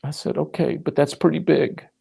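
A man's voice: on the high side, little pitch movement, normal speed, creaky, mellow, slightly rough. A middle-aged man preaching a sermon, telling a personal story and acting out his dialogue with God, addressing listeners as folks. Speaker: pastor.

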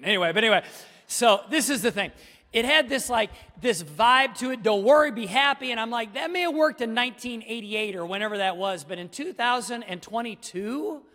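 A man's voice: high-pitched, a bit bright, long reverb tail. A middle-aged male pastor preaching a sermon with emphasis, speaking straight to his congregation. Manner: emphatic preaching, addresses listeners directly.

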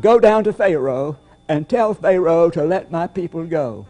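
Give me a preacher doing a slow, booming God with a mellow tone. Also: male voice, animated, faint music behind. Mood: commanding. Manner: slow, loud and emphatic. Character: commanding God calling to a male leader.

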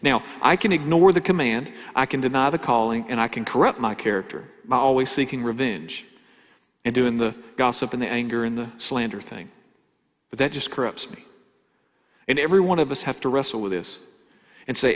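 A male pastor preaching a sermon, asking rhetorical questions and swinging between loud emphasis and quiet asides. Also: mid-range voice, normal speed. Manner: conversational preaching with rhetorical questions and dramatic shifts in volume. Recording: hall reverb.

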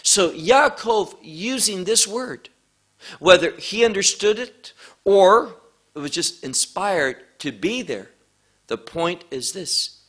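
Slow, deliberate man preaching a sermon. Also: a little high, fairly bright tone. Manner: deliberate, asks rhetorical questions; mixes in Hebrew terms. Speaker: Bible teacher. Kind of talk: verse-by-verse sermon.

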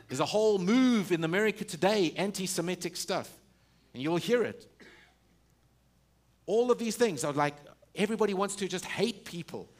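Speaking expressively at normal speed, a male pastor works through a sermon full of rhetorical questions and false starts. His volume swings between loud emphasis and hushed, low sections.

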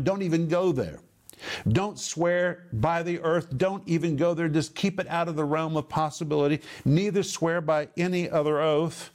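A man's voice: medium pitch, a little mellow. A man teaching a Bible lesson as a sermon, stressing points emphatically, repeating phrases and explaining Greek words.

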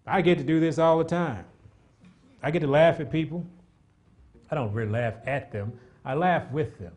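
A middle-aged man preaching a sermon, animated and repetitive, with asides to the congregation. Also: fairly high pitch, normal speed.

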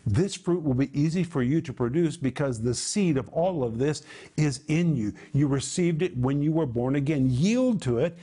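A man's voice: a little high, warm tone. A man giving televised Bible teaching, emphatic and direct, stacking up long lists of words and calling his listeners "my friends.". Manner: emphatic, piles up lists of synonyms.

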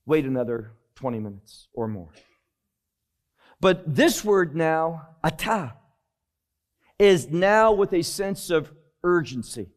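A man preaching a Bible teaching sermon, slowly and emphatically explaining Hebrew words verse by verse. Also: fairly high pitch, big pitch swings.

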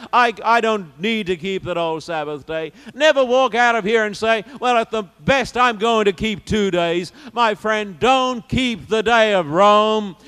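A man preaching a sermon, swinging from loud declarations to hushed, intimate asides. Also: high voice, smooth. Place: church or meeting hall. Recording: long hall reverb.

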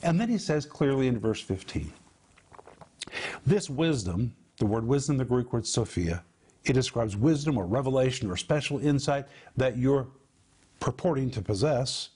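A man's voice: mid-range voice, animated, normal speed, warm tone, husky. A man teaching on a televised Bible program, emphatic, breaking down Greek words one at a time and drawing out key words for emphasis.

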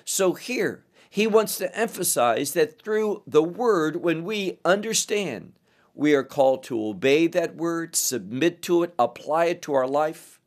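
A man teaching scripture verse by verse, speaking deliberately and asking his listeners questions. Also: a little high, lively intonation. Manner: slow, deliberate, with rhetorical questions. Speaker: Bible teacher.

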